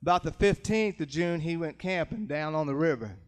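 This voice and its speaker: Man, somewhat high voice, earnest testimony, plain-spoken, vivid storytelling, repeats words. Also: a little fast. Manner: vivid, dramatic retelling with acted quotes. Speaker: speaker giving a Christian testimony.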